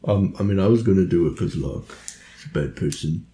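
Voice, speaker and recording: A man's voice: sits low, animated, brisk, warm tone. A man playing a tabletop game, chatting in a laid-back, hesitant way. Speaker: player. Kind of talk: casual tabletop game chat. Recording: roomy echo.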